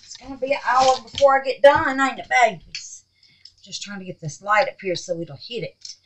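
A woman hosting a casual crafting vlog, chatty and excitable, calling her viewers babies and honey. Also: on the high side, moderate pace, a little hiss or hum, rough recording. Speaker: resin craft channel host.

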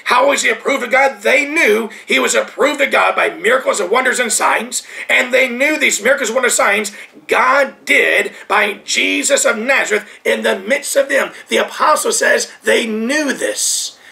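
An American man preaches a sermon in Thailand, his voice very high-pitched and gravelly. He repeats his points emphatically, swinging from loud declarations down to near whispers.

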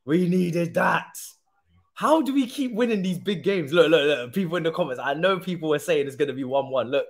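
A young man giving live commentary on his own football video game match, excitable, pleading and swearing often. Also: a little high, a little fast. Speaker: gaming streamer. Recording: roomy echo.

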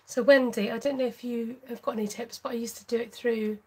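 Female host, mellow and a touch husky, chatty livestream crafter who laughs easily. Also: on the high side, steady tone, a little fast, poor audio. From United Kingdom. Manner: chatty, laughs often, reads viewer comments aloud. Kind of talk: casual livestream craft tutorial.

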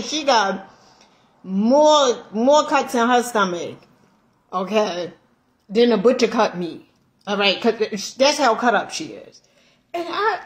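A middle-aged woman vlogging, telling a story in a casual, animated way, laughing often, with slang and emphatic swearing. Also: a little high. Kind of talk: casual storytelling chat while eating.

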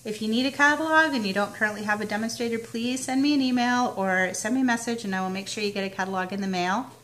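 A woman's voice: on the high side, quick pace, a bit bright. Chatty woman narrating a craft tutorial. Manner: chatty, self-narrating while working. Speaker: papercraft demonstrator.

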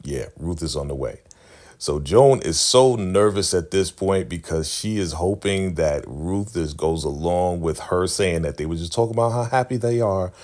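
A man casually recapping a TV episode in a chatty, animated way. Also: sits low, moderate pace, few pauses. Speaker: YouTube TV recap host.

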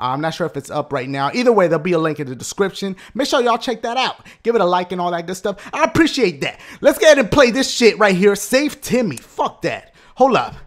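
A young man giving loud, hyper gameplay commentary, swearing and shouting often. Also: high voice. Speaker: gaming YouTuber.

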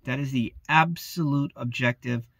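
A man's voice: medium pitch, moderate pace, fairly bright tone, breathy edge, no echo. A man who works as a security guard, talking casually in a laid-back, slangy way and often saying "man". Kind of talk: casual vlog talk.

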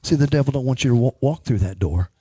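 A man's voice: medium pitch, animated, fast, mellow, breathy edge, no echo. A man ministering as a prophet, speaking emphatically and praying over a woman in church. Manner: emphatic, prays over a person.

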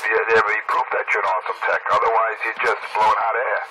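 A man's voice: fairly low pitch, flat delivery, fast. A man on CB radio, needling another operator in casual banter. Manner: teasing, needling. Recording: static-heavy CB radio transmission.

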